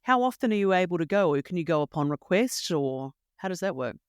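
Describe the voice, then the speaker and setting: A man hosting an interview, asking measured, probing questions. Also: high-pitched, big pitch swings, clean tone, no room sound, studio quality. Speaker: interviewer host.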